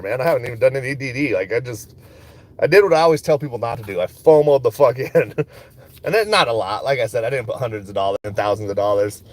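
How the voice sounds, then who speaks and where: A man's voice: medium pitch, animated, quick pace. Rambling, joking man on a phone livestream. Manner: laid-back, joking, swears freely, laughs often. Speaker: stock market vlogger. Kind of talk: casual rambling livestream chat. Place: in a car and at a coffee shop.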